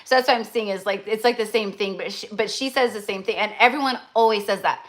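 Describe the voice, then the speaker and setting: A woman's voice: mid-range voice, fast. A young woman giving a live-stream tarot reading, talking in a gushing, effusive way with many fillers and restarts. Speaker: tarot reader.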